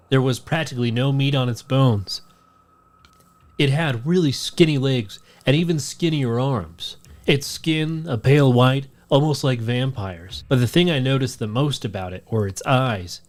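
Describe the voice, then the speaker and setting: Male podcast co-host, mid-pitched, steady storytelling read of a listener tale. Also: measured pace. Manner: steady storytelling read, shouts out the quoted lines. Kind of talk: reading a listener story aloud.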